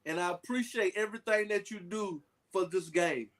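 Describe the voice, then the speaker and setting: A man talking casually to a group, telling lively stories with folksy asides. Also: high voice, normal speed. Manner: animated storytelling with folksy asides.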